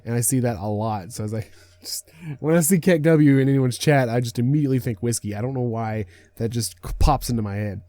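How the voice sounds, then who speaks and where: A man's voice: mid-range voice, brisk, dark tone, no room sound. A young man casually reacting to a story on his channel, chatty and swearing freely as a self-declared gaming nerd.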